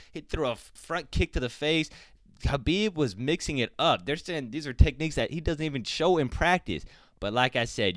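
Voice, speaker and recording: A man's voice: mid-range voice, fairly bright tone, no room sound. A man giving blunt, profane, opinionated commentary on a fight in a casual vlog. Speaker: MMA commentator.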